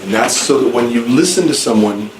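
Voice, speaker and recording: A man teaching an English class, speaking slowly and clearly and rephrasing things so learners can follow. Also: medium pitch, lively intonation. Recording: echoey room, distant mic, background noise.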